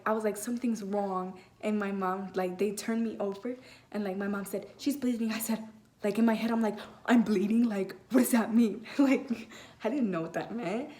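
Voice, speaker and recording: A woman's voice: mid-range voice, mellow. A teenage girl telling a personal story in a casual vlog, rambling with many fillers and restarts. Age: late teens. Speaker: vlogger.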